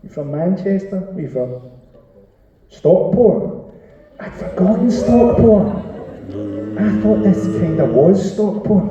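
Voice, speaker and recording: A man's voice: sits high, lively intonation, slow, long pauses. A man doing a stand-up comedy set on stage, sweary and sardonic, teasing the crowd. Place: live comedy venue on stage. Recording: roomy, distant, lo-fi live recording with crowd noise. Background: audience laughter and chatter.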